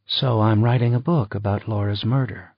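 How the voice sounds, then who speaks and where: Talkative woman travel writer, read by a man; raised, husky voice on a dull recording. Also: fairly low pitch, fairly even intonation, normal speed, no echo, natural voice. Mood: chatty. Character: poised female travel writer, chatty and smooth. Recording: slightly dull dry recording.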